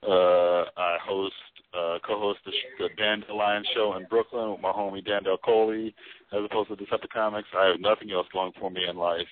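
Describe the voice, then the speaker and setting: A man's voice: low-pitched, little pitch movement, brisk. A man comedian guesting on a podcast, rambling and self-mocking, heard over a phone-like line. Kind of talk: casual podcast chat. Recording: phone-like narrow sound.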